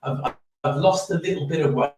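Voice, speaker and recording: A man's voice: a little high, brisk, a little mellow. Rambling, enthusiastic man in an echoey room. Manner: enthusiastic, rambling, many restarts and fillers. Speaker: host of an awards live stream. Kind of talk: casual live stream chat. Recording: very echoey room, far from mic.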